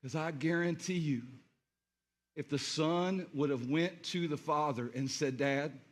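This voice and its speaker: Man preaching, high voice, animated, speaks straight to the congregation. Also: a little slow. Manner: animated, addresses the congregation directly, acts out scenes. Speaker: pastor. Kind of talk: sermon.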